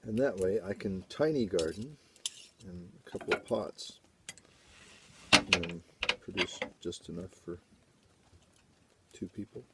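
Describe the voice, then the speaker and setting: Low-voiced male co-host, dry teasing humor, loud background noise. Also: lively intonation, slow, long pauses. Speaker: co-host food critic. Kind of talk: casual mealtime chat. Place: home dining table.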